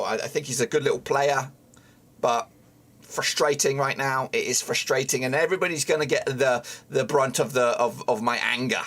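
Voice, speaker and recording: A man's voice: medium pitch, a bit bright. A man streaming a live football watchalong who is frustrated, swears often and talks at the players on screen. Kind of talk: live match watchalong commentary.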